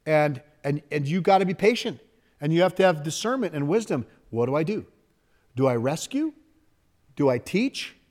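A middle-aged man, a pastor, delivers a sermon in a relaxed, chatty style and often jokes with the people in front of him. His voice sits a little higher than most men's. He tells family stories as if talking with friends. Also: normal speed. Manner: folksy, conversational preaching with laughter and asides to the congregation.

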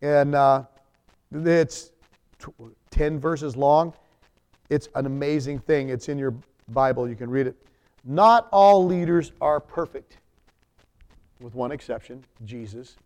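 A man preaching a sermon as pastor, reading scripture aloud and then explaining it in plain talk, with sudden emphatic rises and soft drops. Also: mid-range voice, slow, long pauses.

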